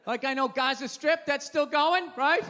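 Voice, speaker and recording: A man doing a stand-up comedy set on stage, ranting and swearing and shouting his punchlines. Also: very high-pitched, a little slow. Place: live comedy venue stage. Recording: reverberant live hall with crowd noise. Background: audience laughter.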